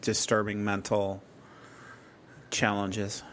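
A man on a casual podcast, thinking aloud in halting, questioning sentences with many restarts. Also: lowish voice, monotone, fairly bright tone, a little hiss or hum.

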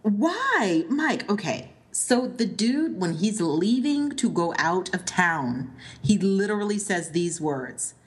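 A woman co-hosting a podcast in casual chat, animated and emphatic, laughing often. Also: mid-range voice, slow. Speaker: podcast co-host.

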